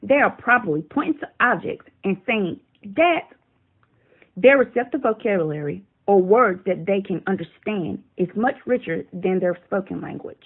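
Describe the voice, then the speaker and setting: A woman giving a calm, scripted narration with advice for parents. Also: mid-range voice, slightly rough. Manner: calm, explanatory. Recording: thin phone-like sound.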